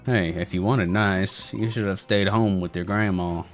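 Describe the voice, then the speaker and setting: A man voicing a gruff, sarcastic male rogue in a put-on Southern accent, with a dry drawl. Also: deep voice, steady tone, normal speed, soft background music, lightly acted. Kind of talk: voicing characters while playing a game.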